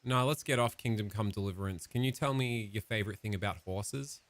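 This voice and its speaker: A man's voice: on the low side, a little fast. Offhand, teasing man gaming. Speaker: gamer chatting with an AI. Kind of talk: casual gameplay commentary.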